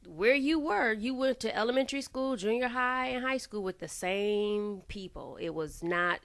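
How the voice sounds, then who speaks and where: A woman's voice: on the high side, lively intonation, normal speed, fairly bright tone. A middle-aged woman co-hosting a casual radio talk show, speaking in a chatty, candid way. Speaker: co-host. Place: radio studio.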